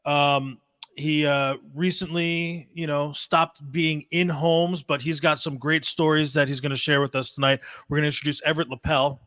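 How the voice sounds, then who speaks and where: A man's voice: a little high, flat delivery, moderate pace, fairly bright tone. A man hosting a casual podcast, bantering playfully with his co-hosts and introducing his guest. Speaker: podcast host.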